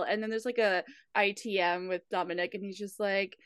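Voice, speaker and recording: Woman podcast co-host, animated and giggly, casual swearing, dry mic. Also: mid-range voice, quick pace, hardly any pauses, clear, resonant tone, no room sound. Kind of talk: casual recap chat.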